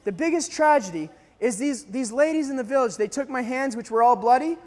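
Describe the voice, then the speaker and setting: A man from Canada telling a dramatic personal story to a live audience, acting out voices and shouts as he goes. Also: extremely high pitch, brisk, long reverb tail. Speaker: speaker telling a mission story.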